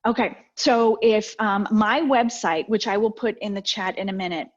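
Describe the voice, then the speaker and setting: The audio is dull and lo-fi, typical of a video call, as a middle-aged guest speaker with a mid-range voice talks at a moderate pace. She gives a motivational talk through personal stories, animatedly acting out the exchanges she describes.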